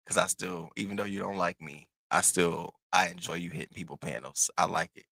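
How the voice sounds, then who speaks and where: Sassy animated man dishing gossip. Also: a little fast, vocal fry, few pauses, dry recording. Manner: animated and sassy, lots of slang and cussing; jumps into high squealing bursts. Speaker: commentary host. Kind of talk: casual gossip commentary.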